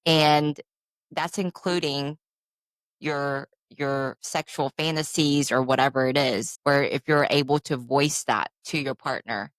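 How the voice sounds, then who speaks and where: Woman in her 40s, low voice, candid podcast co-host, dry close mic. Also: measured pace, dry recording. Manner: open, animated storytelling with frequent "I'm like" asides. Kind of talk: candid casual chat.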